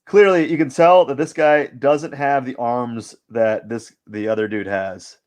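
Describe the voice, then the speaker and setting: A man's voice: mid-range voice, steady tone, a little slow, darkish tone. A man hosting a live drawing stream, giving casual commentary as he works and thinking aloud in a rambling way, with lots of fillers.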